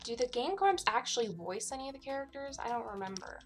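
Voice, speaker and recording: A woman's voice: a little high, very animated, fast talker, soft background music. A young adult woman streamer chatting casually over a game, with frequent laughs and wry asides.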